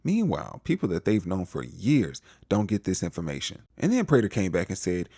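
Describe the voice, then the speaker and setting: A young man gives a casual TV episode recap and acts out the characters' lines with playful slang. His voice sits low but jumps around a great deal in pitch. The recording is dry and close, with no room sound. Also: huge pitch swings, fairly quick, vocal fry, warm tone, slightly rough, dry recording. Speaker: recap vlogger.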